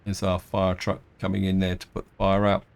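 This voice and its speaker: A man's voice: deep voice, monotone, brisk, vocal fry, clear, resonant tone. A middle-aged man casually commenting on his gameplay, thinking aloud with hesitant restarts and fillers. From England. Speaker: game let's-player.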